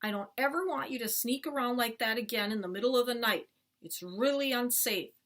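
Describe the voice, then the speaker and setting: A woman's voice: on the high side, brisk, voice pushed up, close to an everyday voice. A woman voicing a stern, worried father in a storybook read-aloud. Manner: loud scolding. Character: stern worried dad, adult man.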